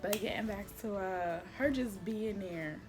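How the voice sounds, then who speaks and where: A woman's voice: mid-range voice, a little slow, over music. A young woman, vlogging at home in a casual, slangy way that turns emotional at times. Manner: chatty, slangy, emotional, quietly tearful at times. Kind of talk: casual chat.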